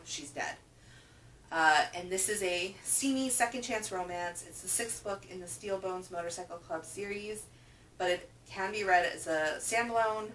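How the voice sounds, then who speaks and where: Lower-voiced woman chatting about books. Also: unhurried, fairly bright tone. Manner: chatty and emphatic, repeats for stress. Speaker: book reviewer. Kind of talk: casual reading wrap-up chat. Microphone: camera microphone. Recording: roomy, from a distance with faint hum.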